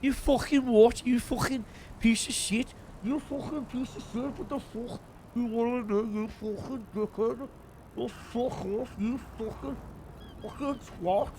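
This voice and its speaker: Man doing a rough posh gangster. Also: high voice, expressive, a little slow, darkish tone, a little hiss or hum, full character voice. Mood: snarling. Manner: snarling, swearing insults. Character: foul-mouthed posh British gangster, rough, adult man.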